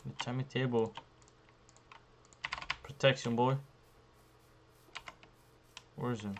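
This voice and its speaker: A young man giving profane, frustrated commentary while playing a survival game, jumping between loud outbursts and low muttering. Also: fairly even intonation, takes it slowly, noisy background. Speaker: gaming YouTuber. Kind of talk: profane live gameplay commentary.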